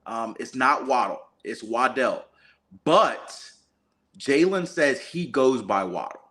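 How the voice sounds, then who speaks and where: Measured, analytical man in sports talk. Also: mid-range voice, sing-song, fairly bright tone. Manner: measured, analytical, uses fillers. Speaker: sports talk co-host and reporter.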